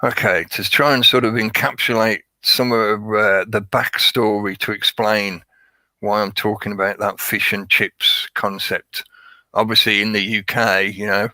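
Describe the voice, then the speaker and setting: A man's voice: lowish voice, fairly even intonation, a little slow, pushed and bright, dry recording, poor audio. A man hosting a casual livestream, talking at length in a rambling way and greeting chat viewers by name. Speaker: livestream host.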